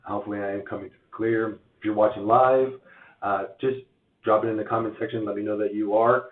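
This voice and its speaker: A man with a hoarse voice from losing it, giving a chatty live-stream update on mortgage rates, full of uhs and restarts. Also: lowish voice, fairly even intonation, fairly quick. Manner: chatty, filler-heavy, many uhs and restarts. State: hoarse, lost voice. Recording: tinny phone-like sound in an echoey room.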